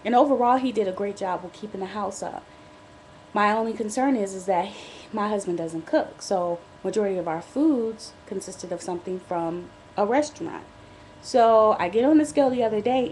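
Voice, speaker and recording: A woman's voice: mid-range voice, moderate pace, a little mellow, slight background noise. A pregnant woman, vlogging from bed rest in a chatty, candid way, with frequent restarts and asides. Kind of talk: casual pregnancy diary vlog.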